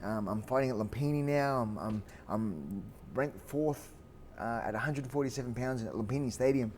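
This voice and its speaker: An Australian man in his forties tells a long story as an interview guest, animated and full of fillers and restarts. His voice sits at an ordinary pitch for a man, with a faint hiss of background noise. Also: normal speed. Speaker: guest, fighter.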